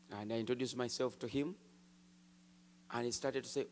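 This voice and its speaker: A man preaching a testimony, telling his story with animated swings from hushed to shouted. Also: mid-range voice, moderate pace, a little hiss or hum. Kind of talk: sermon testimony. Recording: long hall reverb.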